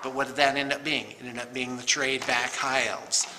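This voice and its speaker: A man's voice: medium pitch, fairly even intonation, moderate pace. A middle-aged man who runs a painting studio, chatting casually and joking at his own expense while he unboxes miniatures. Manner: joking, rambling, self-mocking. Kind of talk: casual chat. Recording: noisy room recording.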